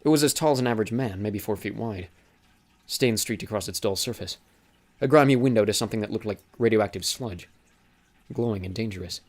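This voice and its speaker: Low-voiced man narrating an audiobook. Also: brisk, darkish tone. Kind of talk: scripted narration.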